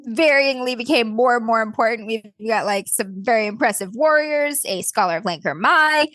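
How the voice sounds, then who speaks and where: A woman's voice: fairly high pitch, moderate pace, fairly bright tone, no echo. A woman player recapping the last session of a tabletop game in a casual, giggly way. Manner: giggly, laughs through her lines.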